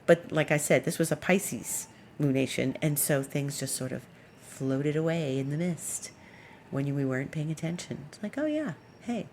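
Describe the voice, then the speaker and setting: A woman astrologer telling a personal story in a chatty, expressive, rambling way. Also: sits low, normal speed, a little hiss or hum.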